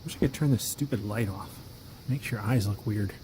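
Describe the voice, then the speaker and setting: A man at home talking to his cats in soft, cooing baby talk, chuckling often as he films them on a handheld camera. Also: on the low side, normal speed, a little hiss or hum, rough recording. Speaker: pet owner filming his cats. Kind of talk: casual talk to pets. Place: home indoors, hallway and living room.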